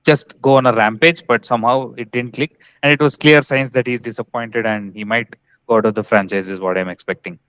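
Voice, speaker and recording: A man with a smooth, resonant voice, recorded close and dry, talking cricket casually. He delivers firm opinions and short verdicts without much hedging. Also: medium pitch, fairly even intonation, fairly quick, fairly bright tone, dry recording, poor audio. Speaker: cricket podcast co-host.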